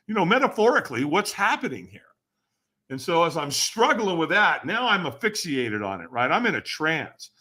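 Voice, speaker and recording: A man sits in as a podcast guest and recounts a personal story with animated energy. His voice is bright and forceful and sits a little high for a man. It swoops up and down as he acts out the voices of the people in his story. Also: normal speed. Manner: animated, acts out quoted voices with sudden shouts; asks the listener rhetorical questions.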